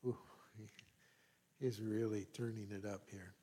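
A male pastor preaching a sermon. He reads scripture aloud with emphasis, then breaks into conversational asides and sudden quiet remarks. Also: lowish voice, flat delivery, unhurried, long pauses, husky.

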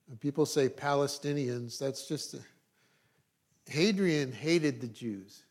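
A man's voice: fairly high pitch, a little mellow. A middle-aged male pastor preaching a sermon, reading scripture and adding dry joking asides.

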